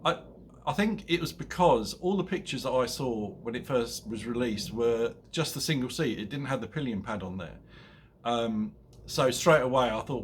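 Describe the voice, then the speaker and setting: A man's voice: mid-range voice, lively intonation, moderate pace, slight background noise. A man in his fifties, hungover and chatting to camera at home, telling a self-mocking story and laughing at his own jokes. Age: 50s. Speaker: motorcycle vlogger. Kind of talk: casual chat to camera. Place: at home, indoors.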